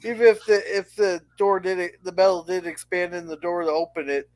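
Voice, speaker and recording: A high-pitched man joins a livestream panel and casually picks holes in what he has seen. His questions come across as skeptical and nitpicking. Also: fairly quick, darkish tone. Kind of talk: casual chat.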